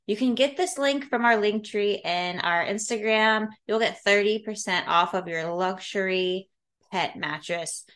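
A woman's voice: medium pitch, fairly bright tone. Chatty woman podcast co-host. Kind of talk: casual chat.

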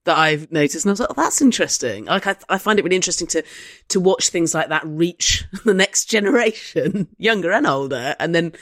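Low-pitched woman co-host, chatty and reflective, recorded close and dry on a remote line. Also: lively intonation, brisk, no room sound. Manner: chatty, reflective, laughs easily. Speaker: podcast co-host. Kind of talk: remote podcast conversation. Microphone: remote recording over an online call.

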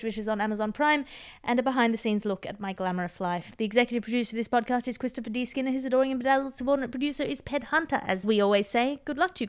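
A woman hosting a comedic news podcast, quick-witted and laughing often. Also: fairly high pitch, clear, resonant tone. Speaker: podcast host.

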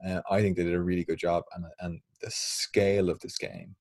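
An Irish man co-hosting a podcast in casual chat, talking fast and laughing often. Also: deep voice, flat delivery, gravelly, a little mellow, no echo. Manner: chatty, laughs often, swears lightly. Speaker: podcast co-host.

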